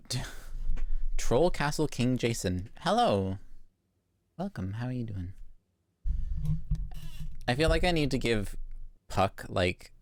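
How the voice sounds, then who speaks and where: Streaming a game live, this lightly accented Canadian speaks in an expressive mid-range voice at an unhurried pace with long pauses. He's chatty and playful and chuckles a lot.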